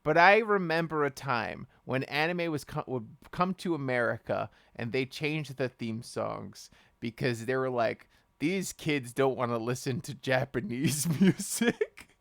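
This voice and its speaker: Guy cohosting a chill podcast, deadpan jokey, voice bouncing all over, dry close mic. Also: medium pitch, a little slow, vocal fry, hardly any pauses, dry recording. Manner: deadpan joking, breaks into laughter. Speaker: podcast co-host. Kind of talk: casual podcast chat.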